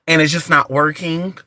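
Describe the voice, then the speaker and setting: A woman who does spiritual candle services, talking in a blunt, profane rant, her voice raspy from just waking up. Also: low voice, pushed and bright, dry recording. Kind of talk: casual rant to camera.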